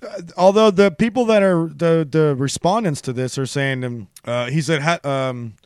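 A man co-hosting a podcast in a casual, animated chat, laughing often and jumping high in pitch when surprised. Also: moderate pace, clean tone, dry recording, clean studio sound. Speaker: podcast co-host.

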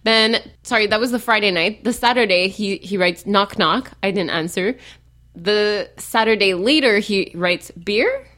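A young woman, co-hosting a podcast in casual chat, telling an animated story and swearing freely. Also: medium pitch, moderate pace. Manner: animated storyteller, acts out quoted texts, swears. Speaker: podcast co-host.

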